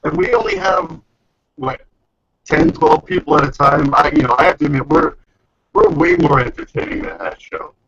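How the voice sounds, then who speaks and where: Gravelly, slangy man on a video call. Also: a little high, huge pitch swings, normal speed, a bit bright. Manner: slangy, rambling, mocking. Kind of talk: casual group video chat. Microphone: webcam mic on video call. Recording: lo-fi online call audio.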